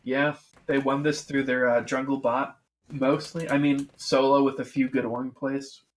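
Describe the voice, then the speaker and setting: A man's voice: medium pitch, little pitch movement, unhurried, a crowd in the background. A man co-hosting a casual esports podcast, rambling along with lots of "I mean" and "like.". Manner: rambling, full of fillers like "I mean" and "like". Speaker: podcast co-host. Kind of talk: casual chat about esports.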